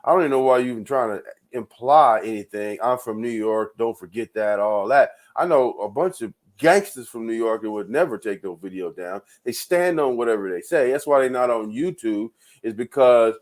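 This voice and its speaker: This show host speaks at a medium pitch, expressively and fairly quickly. He rambles through a rant of loose commentary, cursing frequently, repeating himself and laughing often.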